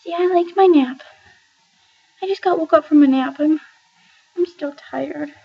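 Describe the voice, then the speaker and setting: A woman's voice: sits high, unhurried, vocal fry, highs cut off, voice pushed up. A woman voicing her pet cat as a sleepy, grumpy female who complains about being woken from her nap.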